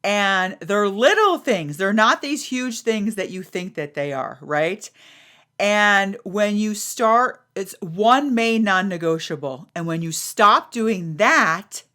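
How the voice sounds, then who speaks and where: A woman's voice: mid-range voice, lively intonation, slow pace, pushed and bright. A middle-aged woman hosting a podcast, talking frankly and animatedly, swearing freely and acting out what others say. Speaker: podcast host. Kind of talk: casual talk.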